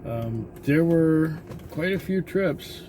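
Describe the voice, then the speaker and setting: A man's voice: a little high, lively intonation, takes it slowly. A man driving a taxi, talking in a tired, grumbling way with hesitant fillers, and he has the hiccups. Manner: weary, complaining, hesitant with fillers. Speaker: taxi driver. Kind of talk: casual vlog monologue. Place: inside a car. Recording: loud car and street noise.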